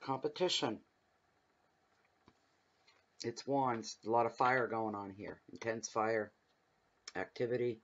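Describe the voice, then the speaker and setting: A man doing a casual tarot reading from his home at night, rambling and chatty as he drifts off into side stories. His voice sits at an everyday middle pitch, and the recording sounds a bit dull and lo-fi. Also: slow, long pauses, a bit bright. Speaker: tarot reader. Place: home room at night, windows open.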